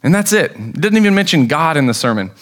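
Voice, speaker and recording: A young American man giving a casual, storytelling sermon in a church, with plenty of fillers and quick acted-out quotes. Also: a little high, very animated, a bit bright. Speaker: preacher. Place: church sanctuary.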